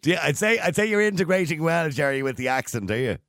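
A man with an Irish accent hosting a phone-in radio show, quick and agreeable. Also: on the high side, very animated, fairly bright tone, no room sound, studio quality. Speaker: radio talk show host.

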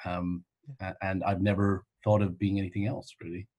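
A man from Canada, a pastor, answering interview questions in a halting way with frequent fillers. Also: deep voice, flat delivery, dark tone, highs cut off. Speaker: pastor, guest. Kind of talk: casual interview.

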